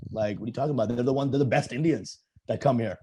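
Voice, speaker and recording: A man's voice: medium pitch, racing, dark tone, a little hiss or hum. A man, a comedian and podcast guest, ranting profanely in a casual chat. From United States.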